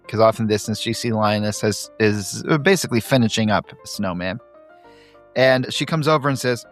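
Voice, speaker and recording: A man's voice: medium pitch, normal speed. A man co-hosting a podcast in casual chat, reading comic strips aloud and laughing along, with faint music behind. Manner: animated, laughs while reading. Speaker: podcast co-host.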